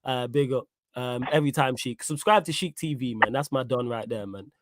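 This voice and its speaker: A man hosting a casual podcast chat, teasing his co-host and getting loud and high-pitched when he is worked up. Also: brisk, heavy background noise. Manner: animated, teasing, rises sharply in pitch when excited.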